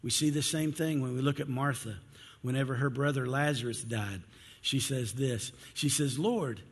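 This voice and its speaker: A man's voice: medium pitch, normal speed, husky. A man preaching a sermon in a conversational way, acting out the complaints of biblical figures. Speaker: pastor. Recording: hall reverb.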